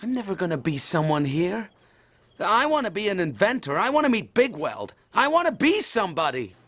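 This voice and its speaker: Earnest young robot inventor, put-on American accent; lively pitch, dull film clip. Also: male voice, brisk. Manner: earnest, yearning. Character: young male robot inventor, eager and hopeful.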